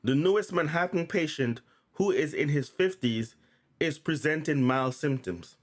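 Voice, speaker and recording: A man's voice: on the high side, expressive, measured pace. Stuttering man vlogging. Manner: stutters, repeats and restarts words. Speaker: channel host. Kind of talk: casual vlog, reading news notes aloud.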